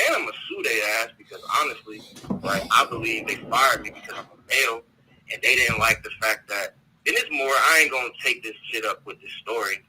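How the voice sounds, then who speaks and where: A man's voice: mid-range voice, bright, forceful tone, breathy edge, poor audio. A man calling in to a talk show, ranting bluntly and with profanity, often repeating words as he searches for them. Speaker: caller. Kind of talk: heated call-in rant.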